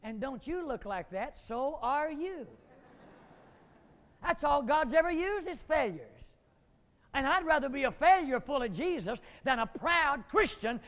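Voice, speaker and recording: A man preaching a dramatic sermon, acting out biblical figures and climbing to near shouts. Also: extremely high pitch, expressive, unhurried. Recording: long hall reverb.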